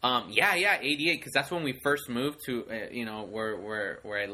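A man in his forties hosting a podcast, chatting casually and rambling excitedly with lots of fillers. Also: medium pitch, normal speed. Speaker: podcast host. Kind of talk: casual chat.

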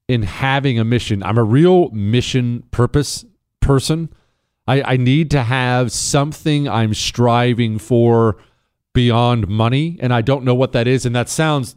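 A man's voice: mid-range voice, darkish tone, smooth, no echo, studio quality. A man hosting a call-in advice radio show, blunt and emphatic, repeating his key points. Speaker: radio talk show host. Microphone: studio microphone.

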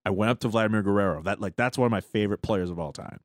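A lower-pitched man co-hosts a sports radio show, telling stories loosely and full of fillers. His voice sounds dry and close in the studio. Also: very fast, no echo. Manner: rambling, filler-heavy storytelling. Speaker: radio co-host. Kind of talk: casual sports radio chat.

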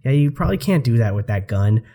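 A man's voice: mid-range voice, big pitch swings, quick pace, creaky, dark tone, husky. A man co-hosting a podcast, swearing freely and exasperated, laughing often as he talks about a movie. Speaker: podcast co-host. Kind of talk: casual movie discussion.

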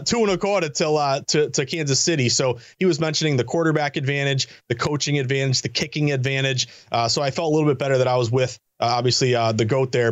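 A man talking as a sports betting analyst guest in quick, energetic, chatty sports betting banter. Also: medium pitch, no echo. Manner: fast, energetic, chatty delivery. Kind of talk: casual sports betting talk.

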